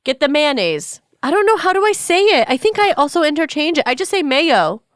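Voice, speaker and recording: A woman co-hosting a podcast in casual chat, playful and teasing with quick quips. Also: sits high, sing-song, no room sound, clean studio sound. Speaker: podcast co-host.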